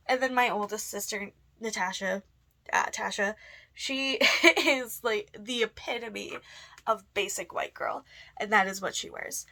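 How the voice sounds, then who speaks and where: Woman vlogger, laid-back and chatty, a bit of fry in a medium-pitched voice. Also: animated, normal speed, pushed and bright. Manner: chatty, lots of fillers and laughs. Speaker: goth vlogger. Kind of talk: casual answers to a tag video.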